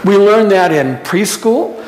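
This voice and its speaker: A pastor delivers a sermon at a slow, deliberate pace, the voice rising and falling in a lively way. The talk is unhurried, with questions put to the congregation and a touch of humor. It is recorded in a church sanctuary with long, roomy reverb and faint background noise. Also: mid-range voice. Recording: echoey church hall reverb.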